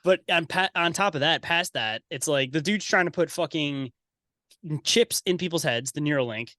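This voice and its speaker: Man, podcast guest, blunt, profane, conspiratorial rant, fairly high voice. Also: normal speed, bright, forceful tone, no room sound, studio quality. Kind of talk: casual chat.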